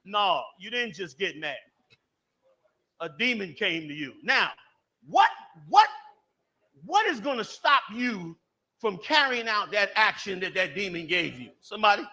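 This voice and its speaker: A man's voice: sits high, expressive, a little slow, pushed and bright. A man teaching a religious class, emphatic and repeating key phrases, questioning the audience and calling on them to answer.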